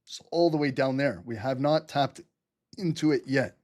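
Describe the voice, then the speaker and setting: A man hosting a live trading stream, talking fast and excitedly, laughing often and swearing casually. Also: medium pitch. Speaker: livestream trading host.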